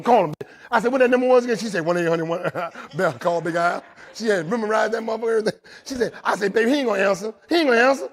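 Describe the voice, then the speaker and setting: A man with a husky, fairly high voice tells a story to a live room. He talks in lively bursts, drops low, then rises loud again, and keeps asking his listeners "right?". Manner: animated storytelling, swinging loud and soft, asks the crowd "right?". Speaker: recovery speaker. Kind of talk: storytelling talk to a live audience. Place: jail, indoors.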